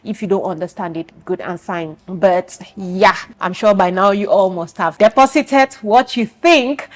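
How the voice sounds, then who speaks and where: A woman in her thirties from Cameroon with a Cameroonian accent, speaking frankly and confidingly to her viewers in a personal vlog. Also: medium pitch. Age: 30s. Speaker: vlogger.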